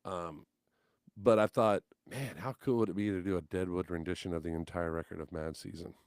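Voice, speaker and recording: Deep-voiced and fairly quick, this man is a guest musician chatting on a podcast. He's an animated storyteller who performs the characters' quotes and swears offhandedly, all in a dry, studio-quality recording.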